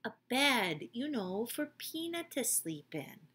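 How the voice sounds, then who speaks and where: A woman's voice: a little high, slow, slightly rough, pitched above the performer's own voice, exaggerated voice. A woman doing a bubbly young girl. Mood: eager. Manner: bubbly, excited. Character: eager cheerful young girl.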